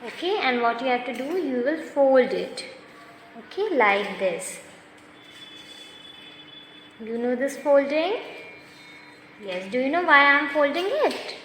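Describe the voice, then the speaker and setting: A woman's voice: high voice, very animated, fairly bright tone, slight background noise. A woman, patiently giving a step-by-step craft lesson to children, praising them as she goes. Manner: slow, patient, instructive, praising often. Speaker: craft teacher. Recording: very echoey room with long reverb.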